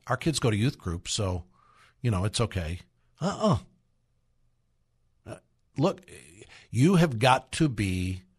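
A middle-aged man hosting a radio talk, earnestly urging parents, repeating himself and breaking into acted quotes. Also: mid-range voice. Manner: earnest, exhorting, acts out quoted voices. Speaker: radio host.

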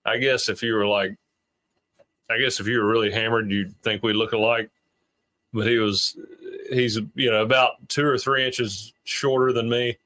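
A man's voice: lowish voice, fairly even intonation, normal speed, pushed and bright, no room sound. A young man from Alabama, co-hosting a podcast and telling stories in a laid-back, easygoing way. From Mobile, Alabama. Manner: laid-back storyteller, laughs often. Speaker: podcast co-host, former quarterback. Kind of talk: casual chat.

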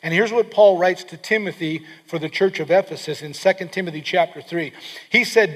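A man's voice: sits high, fairly quick, in a large hall. A pastor preaching a sermon to his congregation, emphatic and leaning in, often repeating words for stress.

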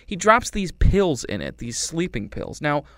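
A man giving a casual, rambling film review with a wry tone, dropping into quick character voices. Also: on the high side, wildly swooping pitch, a bit bright, dry recording.

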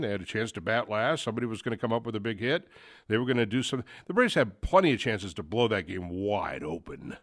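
A man hosts a sports talk show in a loose, conversational ramble, stumbling through restarts and filler words. His voice sits on the low side. The recording is dry, with no room sound. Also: very animated, fast talker, dry recording. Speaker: sports radio host.

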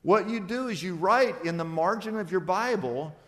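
A male pastor preaching a sermon, acting out back-and-forth dialogues in a lively, conversational way. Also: high-pitched, normal speed, long reverb tail.

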